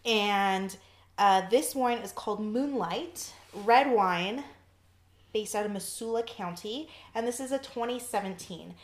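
A woman's voice: mid-range voice, unhurried. A woman talks casually through a wine tasting, stumbling over grape names and laughing at herself. Her voice carries a roomy echo. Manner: chatty, self-deprecating, stumbles over wine terms. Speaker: wine taster.

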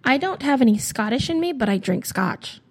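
A woman co-hosting a podcast in casual chat, chatty and quick to laugh, sometimes acting out little voices. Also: sits high, big pitch swings, darkish tone, husky. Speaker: podcast co-host.

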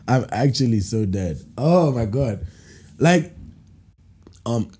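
A man hosting a podcast, reading out listener stories and reacting with animated laughter and playful put-on voices. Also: medium pitch, slow, long pauses, slightly rough. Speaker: podcast host.

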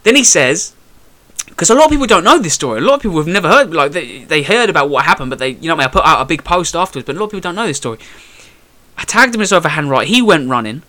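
Animated fast-talking young man. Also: on the high side. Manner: animated storyteller, acts out quotes, swears a lot. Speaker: boxer telling a fight story. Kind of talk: casual chat.

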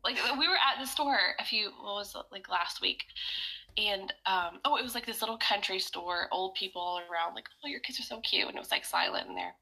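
A young woman co-hosting a podcast, telling stories in an animated way and laughing readily. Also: medium pitch, fairly quick, poor audio. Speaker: podcast co-host. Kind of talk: casual chat.

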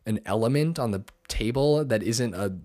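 A man's voice: mid-range voice, moderate pace, warm tone, no room sound, studio quality. A young man hosting a podcast, chatting casually and rambling, with lots of fillers. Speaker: podcast host. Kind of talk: casual chat.

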